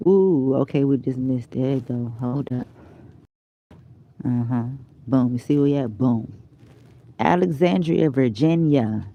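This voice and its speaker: A woman's voice: very deep voice, a little slow, pauses often, highs cut off. A tired woman vlogger chatting casually to her viewers, rambling and drifting into whispers. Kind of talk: rambling casual live chat.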